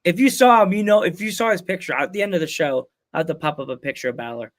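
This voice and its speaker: A man's voice: on the high side, lively intonation, fast talker. A man hosting a podcast, telling rambling, jokey stories in casual chat. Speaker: podcast host.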